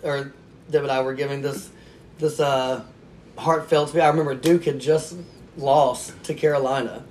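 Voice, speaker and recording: A man's voice: medium pitch, steady tone, moderate pace, darkish tone, a little hiss or hum. A man talking as a podcast guest, telling a story in a casual, self-mocking way and laughing often.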